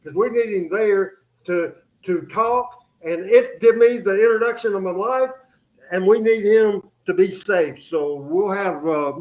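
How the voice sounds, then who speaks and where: High-voiced rambling male radio host. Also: normal speed, muffled recording. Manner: rambling, energetic, many fillers and restarts. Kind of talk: casual studio chat. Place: radio studio.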